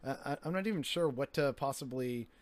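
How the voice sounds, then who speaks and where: A man's voice: medium pitch, fairly quick. A man in casual conversation, talking in a reflective, hesitant way with many fillers.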